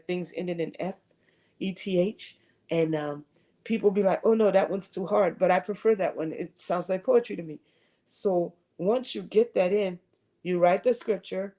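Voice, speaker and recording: A woman's voice: lowish voice, dark tone. A woman giving a conversational faith talk at a retreat, sharing earnest personal testimony. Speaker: retreat speaker.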